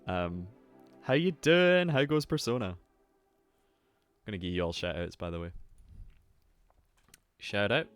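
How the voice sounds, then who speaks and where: A young man hosting a casual live stream, excitable, swearing freely and greeting his chat. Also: on the low side, slow pace, pauses often. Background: faint lo-fi music.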